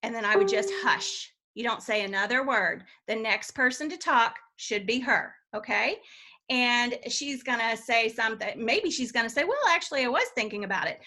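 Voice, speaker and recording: A woman's voice: fairly high pitch, moderate pace, pushed and bright. A middle-aged woman giving a chatty sales training talk, often checking in with her listeners with questions.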